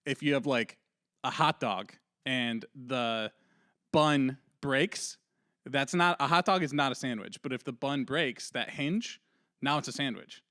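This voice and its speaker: A laid-back man hosts a casual podcast chat and laughs easily. His voice sits at a middle pitch and sounds dry and close, with no room echo. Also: a little slow, sharp tone. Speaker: podcast host.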